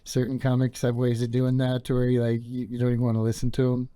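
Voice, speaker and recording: A man's voice: medium pitch, completely flat delivery, quick pace, mellow, clear, resonant tone, no echo. A young man hosting a podcast, talking in a meandering, laid-back monologue full of fillers. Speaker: podcast host. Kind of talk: rambling casual monologue.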